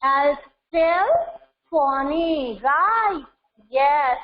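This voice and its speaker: A woman teaches young children over an online class. Her voice sits high and she talks slowly, drilling words one at a time. The sound is dull and lo-fi, as if from a laptop mic. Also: slight background noise. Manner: slow, repeats words for pronunciation drills.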